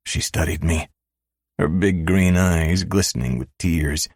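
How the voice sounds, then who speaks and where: A man narrating a first-person romance audiobook with a gentle, reassuring tone. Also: low-pitched, fairly even intonation, unhurried, no room sound, studio quality.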